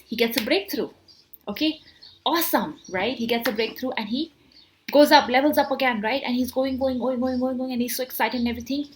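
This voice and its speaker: Woman giving a lively motivational talk. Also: on the high side. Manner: explains with hand gestures, repeats words, many fillers; animated rhetorical questions. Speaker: motivational speaker. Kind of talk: casual talk to camera.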